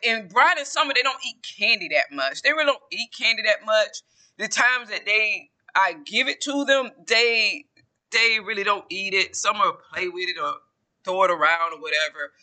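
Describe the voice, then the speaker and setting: A man with a high, very bright, forceful voice talks to camera in a casual solo vlog. He rambles, often repeating phrases and starting sentences over before finishing a thought. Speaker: podcaster and YouTuber.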